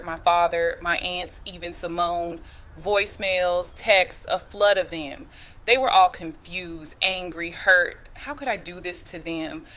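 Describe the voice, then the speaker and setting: A woman with a slightly low voice tells her own story like she's talking to a friend. She speaks in a dialect flavor and drops in "girl" and "chile" as she goes. Her delivery is loose and conversational. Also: fairly bright tone. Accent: African American English. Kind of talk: first-person storytelling.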